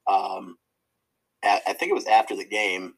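A man's voice: sits low, flat delivery, normal speed, gravelly, a bit bright, husky, low-quality recording. A man co-hosting a podcast, chatting casually about sports, rambling with restarts and laughter. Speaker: podcast co-host.

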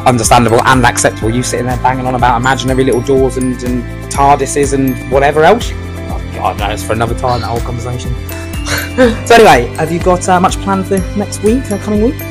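A man's voice: medium pitch, quick pace, over music. A man, hosting a local podcast in jokey, rambling casual chat at a studio mic. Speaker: podcast host. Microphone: studio microphone.

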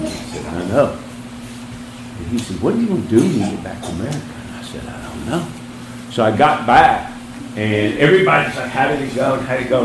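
A man telling a personal faith testimony in a lively storytelling style, acting out the other people in the story with big jumps in his voice. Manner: animated storyteller, acts out quoted voices with big pitch jumps. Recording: roomy with faint ambient noise.

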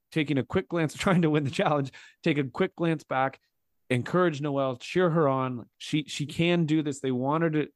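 A man hosting a casual podcast, walking his listeners through a TV challenge moment by moment. He talks in a rambling, animated way, piling on detail as he goes. The sound is dry and close. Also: mid-range voice, no echo. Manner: rambling, animated play-by-play retelling.

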